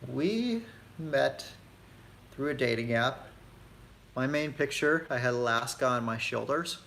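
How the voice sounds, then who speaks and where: A man co-hosting a casual live stream from his couch at home, low-key and soft-spoken, thanking viewers by name. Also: expressive, measured pace, vocal fry, a little hiss or hum. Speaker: co-host of a travel channel live stream.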